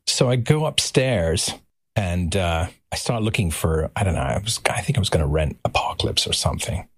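A man telling a story as a podcast guest, animated and acting out voices. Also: low-pitched, normal speed, slightly rough, no echo. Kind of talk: anecdotal storytelling.

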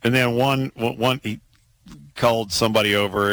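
A man hosting a casual sports talk show, excitable and laughing, with many restarts. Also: mid-range voice, normal speed, rough recording.

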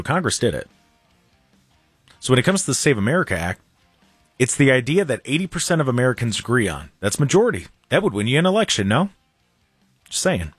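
A male talk radio host in a studio, giving opinions in an animated, sarcastic way. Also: medium pitch, husky, no room sound. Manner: animated, sarcastic, mocks others in silly voices. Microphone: studio microphone.

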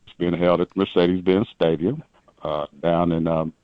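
A man's voice: low-pitched, steady tone, moderate pace, no room sound, highs cut off. A man hosting a radio show in bantering talk, stressing the last word of each sentence.

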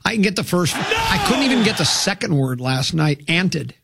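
A man's voice: high-pitched, huge pitch swings, moderate pace, gravelly, heavy background noise. A man hosting sports talk radio, rambling and joking casually about games.

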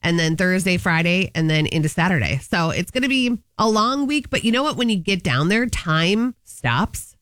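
A woman co-hosting a casual chat show, telling stories in a lively way and laughing often. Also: fairly low pitch, moderate pace, no echo. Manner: chatty storyteller, laughs often. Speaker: co-host.

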